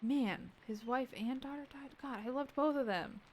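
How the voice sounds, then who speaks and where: A woman streaming a game, reading its dialogue aloud and breaking off into joking asides and soft muttered remarks. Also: high-pitched, normal speed, slight background noise. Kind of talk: let's-play commentary.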